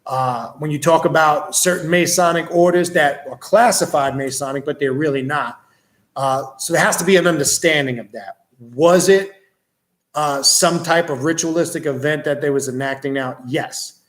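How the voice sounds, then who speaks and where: A man with a fairly high voice speaks at a moderate pace in a roomy-sounding space. On his livestream he reads viewers' questions aloud and responds bluntly and casually, swearing freely and telling lively, energetic stories.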